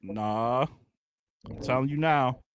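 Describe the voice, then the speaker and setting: A man's voice: mid-range voice, slow pace, crowd noise. A man hosting a podcast, talking in a rambling, slangy, self-mocking way in casual chat. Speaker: podcast host.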